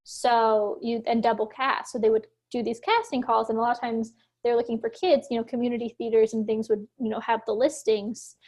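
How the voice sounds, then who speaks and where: A high-pitched woman from Philadelphia talks as a guest in a casual interview. She rambles quickly and animatedly, sprinkling "like" everywhere and laughing often. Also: little pitch movement, darkish tone. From Philadelphia, USA. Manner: chatty, fast, many "like" fillers, laughs often. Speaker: actor and producer guest.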